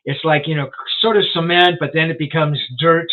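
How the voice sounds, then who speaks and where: A man in his sixties, a guest journalist, tells an anecdote in a fairly high, chatty voice. He rambles and restarts his sentences, leaning on "you know" as filler. The sound comes through thin and phone-like, as over a call. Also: steady tone, fairly quick. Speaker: guest rock journalist and author. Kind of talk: casual storytelling in a live interview. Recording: tinny phone-like line.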